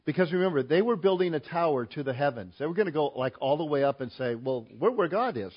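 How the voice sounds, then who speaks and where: A male pastor preaching a sermon, emphatic and rising loud on key points. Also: a little high, quick pace, muffled recording.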